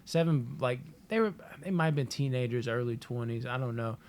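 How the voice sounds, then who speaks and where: A man's voice: medium pitch, brisk, darkish tone. A man co-hosting a podcast, telling rambling, profane stories in a casual chat and laughing through them. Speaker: podcast co-host.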